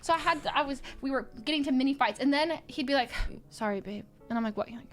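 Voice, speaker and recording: A young woman streamer telling a story in casual chat, animated, laughing often and acting out quotes. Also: high voice, racing, faint music behind.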